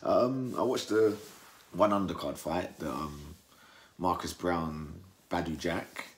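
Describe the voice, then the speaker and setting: A young man from England talks through a fight he just watched in a casual monologue. His voice sits very low with a gravelly fry, and now and then he jumps into mocking impressions of the fighters. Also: slow. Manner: animated, acts out fighters' words in mocking high voices. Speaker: boxing commentator.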